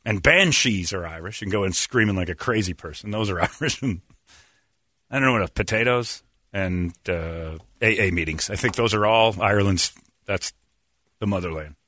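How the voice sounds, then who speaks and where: A man's voice: on the low side, normal speed, sharp tone, dry recording. A man from the area, hosting a radio show and teasing his co-hosts in casual studio banter. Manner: joking, teasing storyteller.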